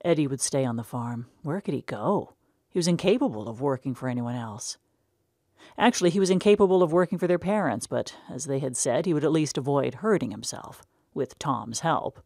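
Low-voiced woman reading a story. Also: lively intonation, a little mellow, no room sound, clean studio sound. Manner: measured, unhurried. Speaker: narrator. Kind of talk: audiobook story narration.

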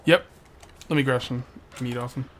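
A man's voice: mid-range voice, fairly even intonation, moderate pace, crowd noise. A man hosting a gameplay channel, chatting casually and teasing his co-players during a multiplayer session. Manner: joking, teasing banter. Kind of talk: casual multiplayer game chat.

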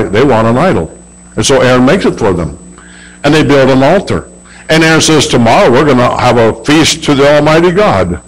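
A man's voice: medium pitch, low-quality recording. A man preaching a sermon in a folksy way, acting out quoted voices as he retells stories. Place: church service.

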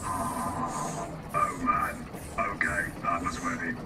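A tired robot guard from a video game, deep-voiced and flat. He sounds distant and echoey, with loud game music behind him. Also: extremely slow, full character voice. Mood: weary. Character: weary male robot guard.

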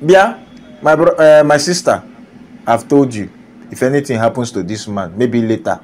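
A man's voice: mid-range voice, normal speed, a little mellow. A Nigerian man delivering a comedic reaction rant, scolding and often breaking into laughter. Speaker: comedian commentator.

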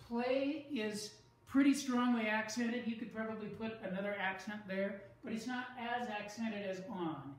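A woman teaching a lesson, speaking slowly and deliberately and stressing syllables to show rhythm. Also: a little high. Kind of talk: classroom lecture. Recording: echoey room, far from the mic.

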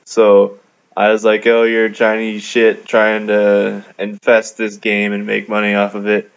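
Flat, gravelly young man telling a gaming story. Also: on the low side, a little slow. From Canada. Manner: laid-back, amused, many fillers. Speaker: gamer narrating a video. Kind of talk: casual storytelling over gameplay. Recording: dull lo-fi mic.

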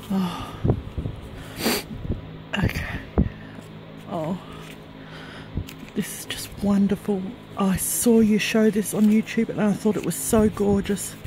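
A woman crafter filming a gift unboxing at home on a handheld camera, tearful and trembling, gushing softly with many breathy sighs. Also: medium pitch, fairly even intonation, slow pace, long pauses, background noise. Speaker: craft vlogger. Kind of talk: emotional gift-unboxing vlog. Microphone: handheld camera, shaking.

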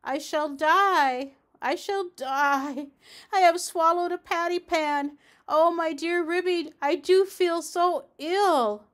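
A woman's voice: high voice, lively intonation, measured pace, hardly any pauses, pitched above the performer's own voice. A woman voicing a greedy, anxious female dog who whines and frets in a storybook reading. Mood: wailing. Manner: whiny, fussy. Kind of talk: storybook read-aloud.

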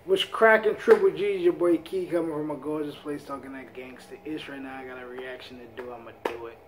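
Laid-back slangy man, fairly high voice. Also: fairly even intonation, a little fast. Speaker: reaction video host. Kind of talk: casual reaction chat.

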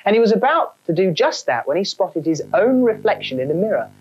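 A woman narrating a children's storybook in a wry, animated way. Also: medium pitch, a little fast, muffled recording.

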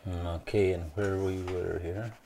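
A man's voice: sits low, fairly even intonation, normal speed, vocal fry, dark tone, a little hiss or hum. A man hosting a show, chatting loosely and repeating words back as he learns them. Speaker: host. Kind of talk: casual chat on a language segment.

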